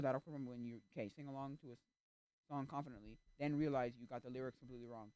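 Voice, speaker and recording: A man streaming and chatting casually, animated and easily exasperated, acting out little reactions. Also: medium pitch, dry recording. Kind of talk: casual chat.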